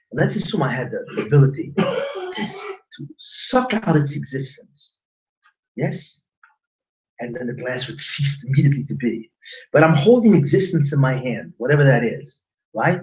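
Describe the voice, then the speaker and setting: A man teaching a class as a rabbi, animated and joking, quizzing his audience with questions. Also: on the high side. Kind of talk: lively Torah class lecture. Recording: roomy lo-fi recording from a distance.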